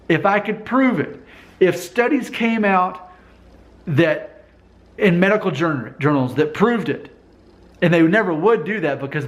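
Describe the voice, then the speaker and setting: A man delivering a casual vlog monologue straight to the camera. His voice sits a little high for a man, and he presses his points hard, circling back and repeating himself for emphasis. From United States. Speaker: vlogger.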